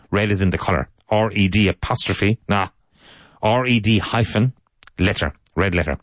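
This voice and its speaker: An Irish man teaching English, repeating each phrase slowly and clearly for learners in a relaxed lesson monologue. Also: low voice, no echo. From Ireland.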